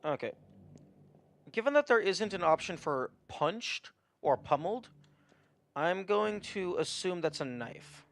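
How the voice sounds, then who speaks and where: A man's voice: sits high, big pitch swings, unhurried, long pauses. A man streaming a mystery puzzle game, thinking aloud in casual muttered commentary with the odd swear. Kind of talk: let's play commentary.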